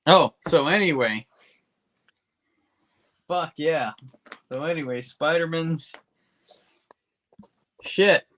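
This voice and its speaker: A man co-hosting a podcast, rambling through a comic book recap with lots of swearing and quick character asides. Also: on the high side, a bit bright. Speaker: podcast co-host.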